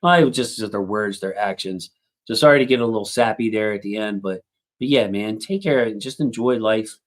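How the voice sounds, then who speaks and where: Low-voiced man hosting a livestream. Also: a little fast. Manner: rambling, warm thanks to chat, frequent fillers. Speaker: sports livestream host. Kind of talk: casual livestream chat.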